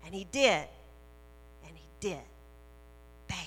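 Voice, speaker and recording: A woman minister preaching a sermon in a slow, emphatic way, repeating her key phrases. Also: fairly low pitch, expressive, a bit bright. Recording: reverberant hall with faint music and hum.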